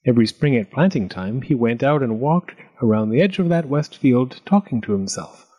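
A man reading a storybook aloud with an expressive, lilting delivery. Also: medium pitch, normal speed.

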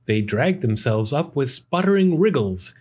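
A man reading a rhyming children's picture book aloud in an expressive, sing-song way. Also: mid-range voice, a little slow, husky. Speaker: storyteller. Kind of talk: storybook read-aloud in rhyme.

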